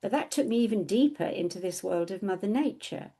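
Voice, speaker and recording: Sharing a personal story on the podcast she co-hosts, a middle-aged woman speaks with casual animation and performs the quoted dialogue. Her mid-range voice is brisk with a breathy edge.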